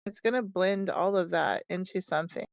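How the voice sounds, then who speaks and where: Woman co-host, smooth clear voice, encouraging and gentle, dry close sound. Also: on the low side, normal speed, no echo. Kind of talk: casual panel chat.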